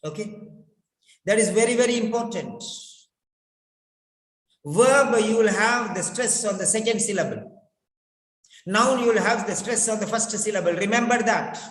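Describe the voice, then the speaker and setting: Male pronunciation teacher, high pitch, repeats himself to coax students; echoey room with a long reverb tail. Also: moderate pace, pauses often, fairly bright tone. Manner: repeats words and phrases, coaxing students to respond. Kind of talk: online class teaching. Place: in his village.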